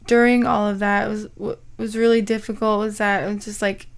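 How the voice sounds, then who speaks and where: Speaking at medium pitch with a level tone, a young female podcast host shares a personal story. She stumbles through it, saying "like" constantly and frequently clearing her throat.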